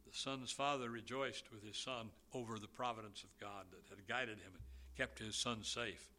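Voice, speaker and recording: A man preaching a sermon, slow and emphatic, with a volume that swells and drops. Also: on the low side, steady tone, sharp tone.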